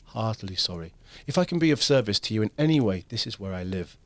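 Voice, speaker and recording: A man voicing a kind young gentleman who offers earnest condolence. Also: on the low side, lively intonation, quick pace, lightly acted.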